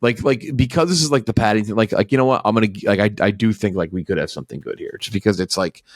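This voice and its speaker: Low voice guy hosting a movie podcast, rambles, lots of "like", swears, dry mic. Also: quick pace, no echo. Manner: rambling, many fillers and restarts; swears casually. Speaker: podcast host. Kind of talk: casual chat.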